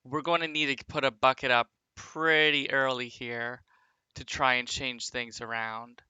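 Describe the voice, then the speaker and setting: A male streamer chatting loosely with his viewers over a basketball sim, padding his talk with ums and uhs. He speaks slowly with a bright, sharp-edged tone. The sound is dry and close. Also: mid-range voice, level tone, clear, resonant tone, dry recording. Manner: rambling, filler-heavy, chatting with viewers.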